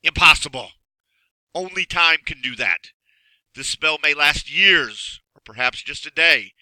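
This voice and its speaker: A man doing a haughty old magician for a storybook reading: a loud, growling boom that lingers over each word with cruel relish. The tone is bright and sharp, and it sounds close and dry. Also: animated, no room sound, exaggerated voice, rough recording. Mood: booming menace. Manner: booming, growling, slow and gloating.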